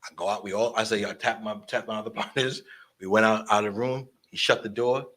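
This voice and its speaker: A man telling animated stories about promoting shows, swearing freely and acting out the voices of the people in them. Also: lowish voice, fast. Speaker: guest storyteller, concert promoter and barber. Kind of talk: casual storytelling interview.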